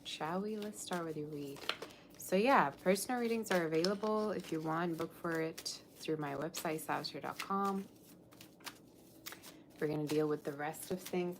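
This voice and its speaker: Low-pitched woman, casual live tarot reader, distracted and chatty, light background hiss. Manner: chatty, scattered, self-interrupting. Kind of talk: casual live-stream chat.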